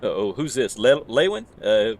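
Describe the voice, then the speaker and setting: A man's voice: medium pitch, very animated, moderate pace, darkish tone. A man co-hosting a game stream, chatting casually, teasing his partner and laughing often. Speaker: streamer and co-host. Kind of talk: casual gaming chat. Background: video game music.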